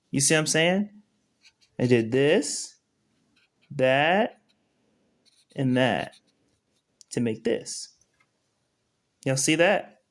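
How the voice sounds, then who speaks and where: A man with a fairly high voice leads a relaxed live-stream lesson. He talks straight to his viewers and keeps asking whether they can see what he is doing. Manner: conversational, keeps checking in with viewers. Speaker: spiritual teacher. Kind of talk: casual live-stream tutorial.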